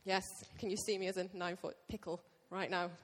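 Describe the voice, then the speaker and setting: A woman pastor preaching a sermon to her church, lively and joking with the congregation. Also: fairly low pitch, brisk. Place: church hall. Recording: long reverb of a church hall.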